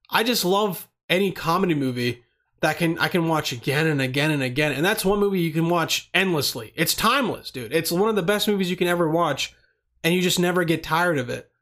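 A young man talks on his own in a loose, rambling way, swearing freely and restarting his sentences. His voice sits a little higher than most men's. He sounds relaxed and chatty. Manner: rambling, profane, laid-back. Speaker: vlogger answering questions. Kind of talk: casual monologue.

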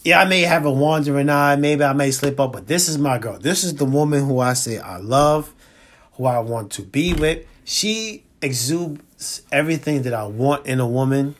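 A man co-hosting a podcast in casual chat, slangy and laid-back, repeating points slowly for emphasis. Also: medium pitch. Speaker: podcast co-host.

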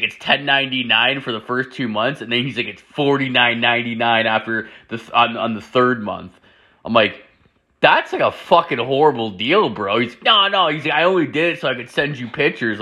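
A young man with a bright, edgy tone tells a long crude anecdote in loose, casual chat. He swears constantly and packs his talk with fillers. He quotes both himself and his friend as the story goes. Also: mid-range voice. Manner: profane, rambling, quotes friends in dialogue with many fillers.

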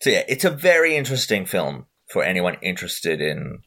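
A man with a lowish voice talks casually about a film he watched. He speaks in a loose, conversational way and often stops and restarts mid-sentence, like a podcast co-host reviewing a movie. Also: sing-song, fairly quick, bright, forceful tone.

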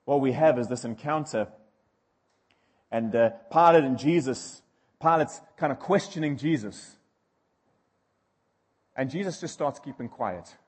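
A man's voice: medium pitch, unhurried, long pauses, slightly rough, in a large hall. A male preacher delivering a sermon, emphatic and repeating key phrases as he builds intensity.

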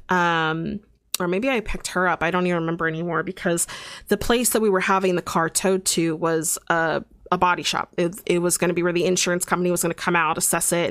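A woman's voice: lowish voice, fairly bright tone, dry recording. A young adult woman hosting a podcast, telling a personal story in an earnest, confessional and emphatic way. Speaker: podcast host.

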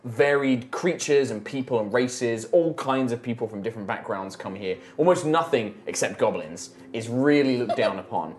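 A man narrating a tabletop game as game master, descriptive and halting. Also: mid-range voice, lively intonation, slight background noise. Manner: descriptive, halting with fillers, laughing.

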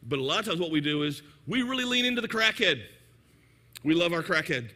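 A man preaching a lively, joking sermon in church, sometimes shouting for emphasis. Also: a little high, a little fast. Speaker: pastor. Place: church sanctuary.

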